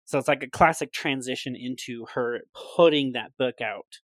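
A man recorded close and dry on a podcast mic, voice sitting at an ordinary pitch for a man. He retells a film scene with animated energy in a casual chat, slipping into quick voices for the quoted lines. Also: dry recording. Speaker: podcast co-host.

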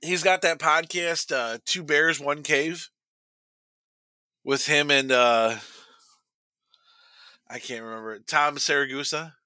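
A man's voice: on the high side, steady tone, slow, pauses often, sharp tone, dry recording, poor audio. A middle-aged man chatting casually on a podcast, telling a long story with restarts and laughing at his own tale. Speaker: podcast co-host.

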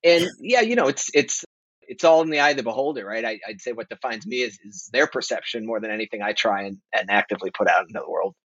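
A man in his forties, a guest on a podcast, talking in a relaxed, rambling way with lots of fillers. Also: on the low side, fast talker, no room sound. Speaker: guest, marketing executive. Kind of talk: casual podcast interview. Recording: dry, dull lo-fi sound.

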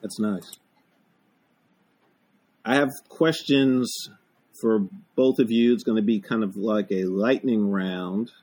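Man, podcast host, husky voice, casual questions, friendly quick interjections. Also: fairly low pitch, steady tone, a little mellow.

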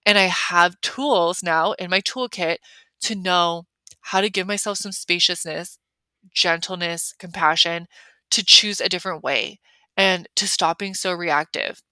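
A young woman hosts a solo podcast in a chatty, emphatic way, leaning on "like" all the time. Her voice sits a bit low but sounds bright and forceful. The recording is dry and close. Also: fairly even intonation, measured pace, clean tone, dry recording. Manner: chatty, filler-heavy, emphatic with lots of "like". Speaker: podcast host. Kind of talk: casual solo podcast talk.

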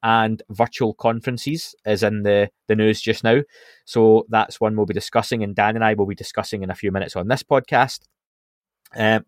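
A man's voice: fairly low pitch, no echo, studio quality. A man hosting a podcast, chatting casually through show updates with plenty of ums and restarts. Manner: relaxed, chatty, with frequent fillers and restarts. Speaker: podcast host.

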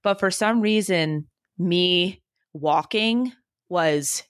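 Candid woman podcast host, slightly low. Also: a little fast, no echo, studio quality. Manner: candid, animated storyteller who laughs often. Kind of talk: casual chat.

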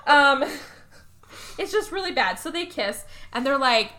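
This high-pitched, unhurried woman is a podcast co-host going over a movie in a casual conversation. She's animated throughout, voicing the characters' lines herself with many acted-out voices.

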